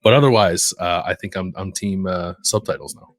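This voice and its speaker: Laid-back young man, lowish dry voice. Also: moderate pace, dry recording. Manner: relaxed, many "like" fillers. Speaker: podcast co-host. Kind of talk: casual chat.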